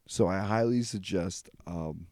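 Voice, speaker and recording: A man's voice: low-pitched, a little slow, dark tone, dry recording, studio quality. A young adult man hosting a casual solo podcast, rambling loosely and swearing freely. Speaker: podcast host.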